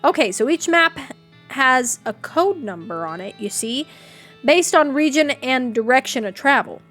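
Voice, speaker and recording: A woman voicing a postal clerk in a western game, brisk and matter-of-fact. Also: high voice, expressive, a bit bright, soft background music, heavily acted.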